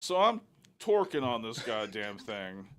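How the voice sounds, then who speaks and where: Animated, bright-voiced man. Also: fairly low pitch, clear, resonant tone. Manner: animated, profane, quick storytelling. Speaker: podcast co-host. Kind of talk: casual storytelling banter.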